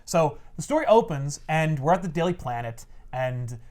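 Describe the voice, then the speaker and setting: A man hosting a casual podcast, telling a comic book story in an animated, offhand way with casual swearing. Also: fairly high pitch, normal speed.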